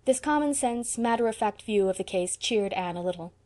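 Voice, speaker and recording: The clip features a woman's medium-pitched voice reading a classic novel for an audiobook. She keeps her scripted narration measured while still giving it expression.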